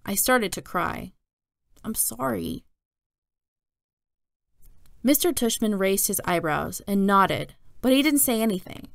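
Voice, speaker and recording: A woman reading a children's novel aloud in a steady, plain narrating voice. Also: medium pitch, normal speed, gravelly, few pauses, no echo, studio quality. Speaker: storyteller.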